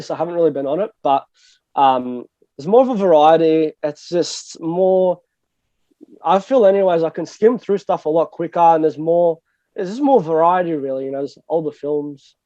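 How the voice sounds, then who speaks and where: A young man with an Australian accent rambles through a casual podcast chat, laughing at himself and swearing freely. His voice sits a little high but sounds dark and mellow. The recording is dry and a bit dull. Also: no room sound. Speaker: guest DJ and producer.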